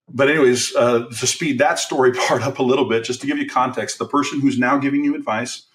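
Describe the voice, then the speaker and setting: A middle-aged man recounts his start in sales with candid energy, talking through plenty of fillers and restarts. His voice sits at an ordinary pitch for a man. He is set a little back from the microphone. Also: steady tone, brisk, recorded from a distance. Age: 40s. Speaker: guest, car sales trainer. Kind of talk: storytelling in a podcast interview.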